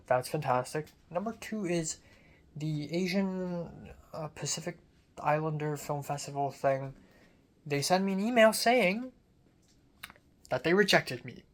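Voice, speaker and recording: A young film student rambles through a casual video diary. The talk is self-deprecating and loose, with casual swearing mixed in. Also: mid-range voice. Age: young adult.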